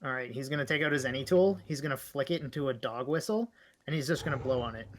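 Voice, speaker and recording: A man sits in on a tabletop game, talking in an easygoing, slangy way as he thinks aloud. His voice is a middling male pitch. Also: fast, slight background noise. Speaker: player. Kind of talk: casual chat at a game table.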